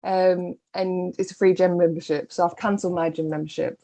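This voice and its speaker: Low gravelly-voiced woman, chatty. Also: little pitch movement, brisk, dark tone, dull audio. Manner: chatty, laughs often. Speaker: butcher, podcast guest. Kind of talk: casual interview chat.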